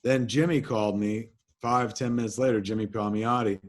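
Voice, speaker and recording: A man from New Jersey, a guest in an interview, telling animated anecdotes in casual talk and swearing freely. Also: mid-range voice, moderate pace. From New Jersey, USA. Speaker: interview guest, filmmaker and comics writer.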